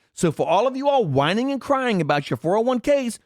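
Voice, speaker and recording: Guy ranting on camera, sarcastic, pitch jumping all over, dry close sound. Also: sing-song, fairly quick, few pauses, no room sound. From Tennessee. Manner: sarcastic, indignant, preachy. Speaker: commentary vlogger. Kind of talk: ranting political commentary.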